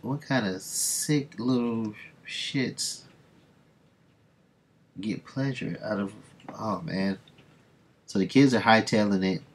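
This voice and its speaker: A man's voice: lowish voice, slow, pauses often, slight background noise. A man reading comics aloud and commenting bluntly, swearing as he reacts. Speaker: comic book reader host.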